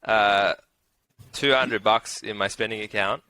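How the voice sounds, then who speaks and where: A man's voice: fairly low pitch, fairly even intonation, unhurried, pushed and bright, clear, resonant tone, dry recording, rough recording. A young Australian man casually telling a betting story, rambling with lots of "like", swearing and laughs. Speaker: interview guest, punter.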